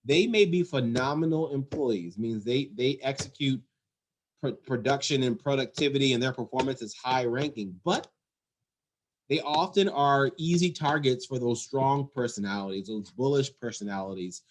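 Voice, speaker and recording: A man's voice: mid-range voice, moderate pace, a little hiss or hum. A man who runs an emergency call center, giving an earnest, emphatic leadership talk and repeating his key points. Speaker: 911 center executive director.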